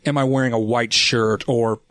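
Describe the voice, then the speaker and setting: A man's voice: medium pitch, fairly even intonation, normal speed, a bit bright, no room sound. A man in his forties from the United States, a podcast guest chatting casually and laughing easily at himself. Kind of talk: casual interview chat.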